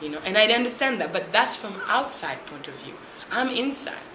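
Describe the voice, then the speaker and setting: A woman's voice: medium pitch, a little fast. A young woman from Tanzania, a former reality show contestant, telling her story in an interview and acting out what people said. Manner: lively storyteller who acts out other people's lines. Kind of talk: interview, animated retelling. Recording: echoey room with faint noise.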